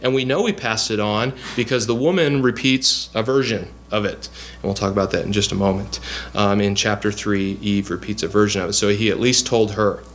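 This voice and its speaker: A man's voice: lowish voice, fairly quick, a little hiss or hum. A man preaching a bible lesson, explaining scripture earnestly with frequent fillers and restarts. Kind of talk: bible teaching sermon.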